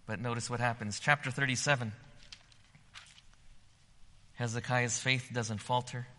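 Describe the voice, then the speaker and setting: A man preaching a sermon. He swells to loud, emphatic peaks when reading scripture and drops low when he explains. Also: fairly even intonation, unhurried. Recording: long hall reverb.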